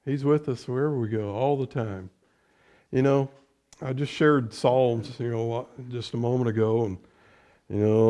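A middle-aged man preaching as a pastor, lifting his voice loud on scripture and dropping to quiet, conversational asides. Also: mid-range voice, steady tone, unhurried, highs cut off. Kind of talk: sermon.

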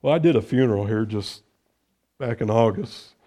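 Middle-aged male pastor, mellow voice, sermon that swings between loud scripture and soft asides. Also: lowish voice, normal speed. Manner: preaching with loud rises on scripture, dropping to quiet conversational asides.

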